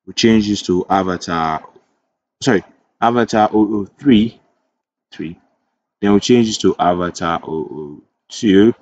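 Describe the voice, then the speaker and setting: A man's voice: fairly low pitch, a little slow, pauses often, a little mellow, dull audio. A man teaching web development in a screen-recorded coding tutorial. He thinks aloud as he types, corrects himself, and drifts into chatty asides.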